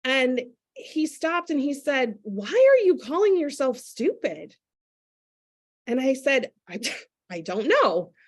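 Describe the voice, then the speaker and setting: A woman speaking as a guest in a candid conversation, earnestly and reflectively explaining parenting step by step. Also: on the high side.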